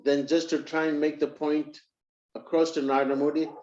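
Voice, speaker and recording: A man preaching who tells a story in a lively way and acts out its characters. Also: fairly high pitch, normal speed. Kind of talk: storytelling in a sermon. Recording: roomy, slightly dull recording.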